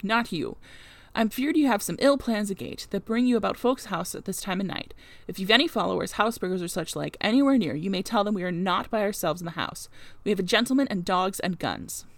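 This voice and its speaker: Woman doing a gruff old servant woman, scolding and rustic. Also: medium pitch, animated, fairly quick, no echo. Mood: suspicious. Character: blunt suspicious old female servant.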